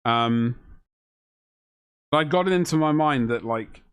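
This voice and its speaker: A man's voice: mid-range voice, measured pace, fairly bright tone, clean tone. A man hosting a live stream. He reads viewers' chat aloud and answers it with jokes while he works on a miniature at his desk. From Britain.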